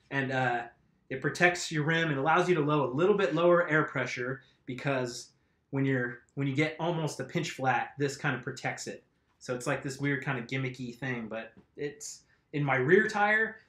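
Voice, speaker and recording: A man's voice: mid-range voice, a bit bright. A man casually chatting on a live stream while working on his bike, rambling and answering viewers' comments. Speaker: mountain bike vlogger. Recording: roomy echo.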